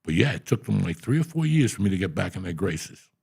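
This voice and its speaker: Middle-aged male storyteller with a rough, raspy voice; profane and animated. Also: sits low, fast. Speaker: podcast host. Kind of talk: casual storytelling.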